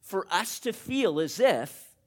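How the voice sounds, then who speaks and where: An animated pastor preaching a sermon straight to the congregation. The voice shifts from quick, loud bursts to slow, quiet emphasis. The pitch swings widely, with a mid-range tone. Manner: talks directly to the congregation.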